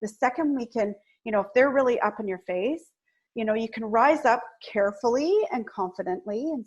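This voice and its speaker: Husky-voiced woman coaching on empathy. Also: a little high, brisk, lo-fi sound. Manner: earnest, coaching, acts out soft empathetic phrases. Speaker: guest speaker, agency co-founder. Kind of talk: webinar talk on client communication.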